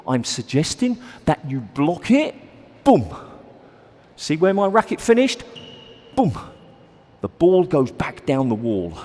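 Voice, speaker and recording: A man's voice: fairly high pitch, sing-song, takes it slowly, pauses often, a little mellow, big-room sound. A man coaching squash on court, explaining and demonstrating shots in a chatty, self-deprecating way. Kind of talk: on-court instructional video.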